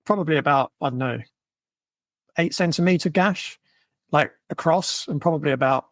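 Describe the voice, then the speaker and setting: A man hosts a podcast, his voice a touch higher than most men's and recorded close and dry. He talks in an easy, relaxed way and keeps backing up his guest with quick yeahs, and he slips into his own stories along the way. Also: no echo. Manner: relaxed, affirming with frequent yeahs and mms. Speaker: podcast host. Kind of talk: podcast conversation.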